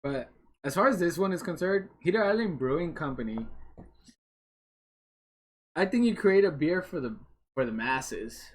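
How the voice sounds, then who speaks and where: A man's voice: on the high side, animated, moderate pace, pauses often, slightly rough. A man co-hosting a casual beer podcast, joking around and laughing often. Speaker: podcast co-host. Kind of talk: casual chat. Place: California.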